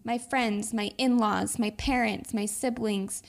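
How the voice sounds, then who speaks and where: A podcast co-host talks slowly in a gravelly voice, fairly high in pitch, with fairly even intonation. She is earnest and reflective, and the casual chat feels heartfelt.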